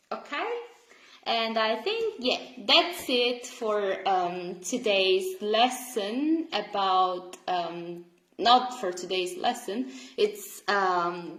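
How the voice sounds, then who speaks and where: A woman teaching an online language lesson, explaining patiently with pauses and self-corrections. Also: medium pitch, a bit bright. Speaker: Italian teacher. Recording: roomy echo.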